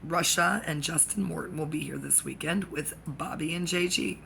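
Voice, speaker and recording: A speaker delivering a rambling comic monologue that jumps between topics, with excitable outbursts and sudden drops into whispers. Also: mid-range voice, normal speed, creaky, a little hiss or hum.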